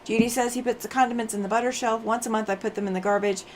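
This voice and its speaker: A woman's voice: a little high, fairly even intonation, rapid-fire, a little hiss or hum. A woman hosting a quilting livestream, chatting casually and laughing often while she sews and reads out viewer comments; she sounds tired after road travel.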